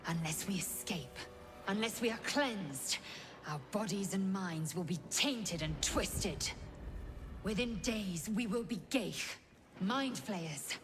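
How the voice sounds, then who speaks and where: A woman's voice: medium pitch, lively intonation. An actress playing a proud, harsh female alien warrior in a video game, speaking curtly and with command. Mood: grim. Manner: curt, commanding, slow. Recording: game audio under music.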